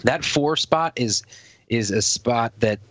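A man's voice: mid-range voice, slow, a bit bright, dry recording. A man with a New Jersey accent co-hosting a podcast, chatting casually and rambling with lots of filler words. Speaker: podcast co-host. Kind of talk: casual chat.

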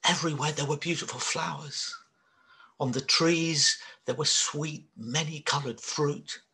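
A man telling a children's story, very expressive and dramatic, dropping to whispers and rising to cries. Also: a little high, unhurried, vocal fry.

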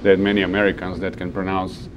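A man from Croatia, a guest artist telling a self-deprecating, animated story in a casual interview. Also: sits low, fast, dull audio, background noise.

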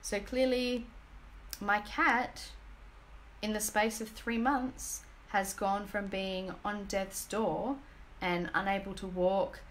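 A woman in her thirties speaking to her phone camera at home, earnest and gushing, halting often with fillers. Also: mid-range voice, level tone, fairly bright tone, slight background noise. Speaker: energy healing business team member. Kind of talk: emotional personal testimonial vlog. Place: home, indoors.

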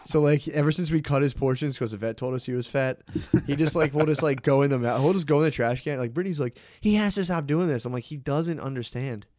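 A man's voice: medium pitch, fast talker, a little mellow, no echo. Laughing, rambling young man telling stories. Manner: profane, rambling storyteller who laughs through his own tales. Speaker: podcast co-host. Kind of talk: casual podcast chat. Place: podcast studio.

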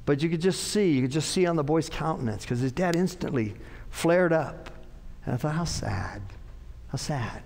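A man's voice: fairly high pitch, brisk, a little mellow. A man pastor giving an earnest, conversational sermon in a church, repeating his phrases for emphasis. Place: church sanctuary. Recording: long church-hall reverb.

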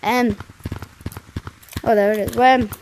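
A woman's voice: fairly high pitch, fairly even intonation, takes it slowly, darkish tone, a little hiss or hum. A woman gamer reacting aloud as she plays, often startled and crying out in panic. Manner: startled, panicky cries and shrieks. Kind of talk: let's-play reactions.

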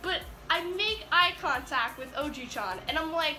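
A high-voiced teenage girl rambles giddily through a vlog story, packing her sentences with "like". Her tone is bright and sharp. The room rings with echo, and faint music plays behind her. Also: lively intonation, normal speed, hardly any pauses. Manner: giddy, rambling with many "like"s. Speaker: vlogger. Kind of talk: excited storytime chat.

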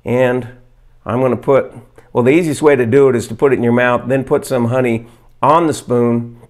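A man vlogging, earnestly explaining and demonstrating a fermented food to camera, reading study excerpts aloud and pausing on fillers. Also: mid-range voice, fairly even intonation, a little mellow. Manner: earnest, plain-spoken, pauses with fillers. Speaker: health vlogger.

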